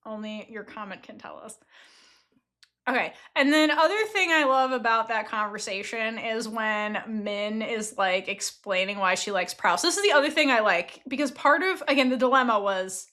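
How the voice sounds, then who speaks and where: A woman co-hosting a casual podcast, reviewing a TV series in an animated way, laughing often and swearing freely. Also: fairly high pitch, moderate pace. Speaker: podcast co-host.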